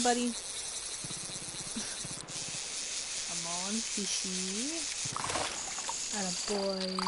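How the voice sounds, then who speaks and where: A woman streamer chatting casually while she plays, giggling and coaxing her catch along. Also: medium pitch. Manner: chatty, giggly, talks to the game. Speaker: gaming streamer. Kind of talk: casual gameplay commentary. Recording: noisy game audio behind.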